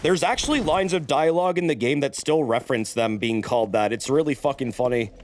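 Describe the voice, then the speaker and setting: A man's voice: medium pitch, brisk, a little hiss or hum. A man streaming a game, chatting casually and cursing while he explains the lore. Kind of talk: casual gameplay commentary.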